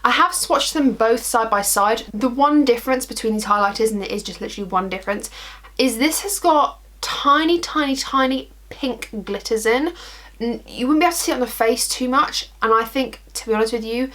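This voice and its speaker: A young makeup vlogger works in front of a mirror while chatting casually, rambling off on asides and poking fun at herself. Her voice is a bit bright, slightly high, and a little fast.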